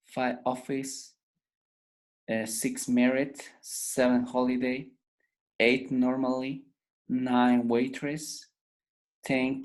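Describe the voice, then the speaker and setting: Slow, patient male English teacher. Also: medium pitch, darkish tone. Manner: repeats each word slowly to drill pronunciation. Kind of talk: pronunciation lesson.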